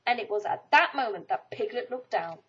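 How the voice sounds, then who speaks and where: A woman reading a children's storybook aloud in an expressive, animated way. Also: a little high, brisk, very noisy. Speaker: storybook reader. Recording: dull lo-fi recording.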